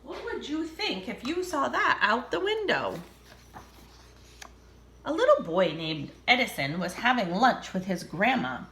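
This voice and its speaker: Brief: a bright, unhurried woman reading a children's story with playful asides. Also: on the high side, echoey room. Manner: expressive, chatty asides. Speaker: storybook reader.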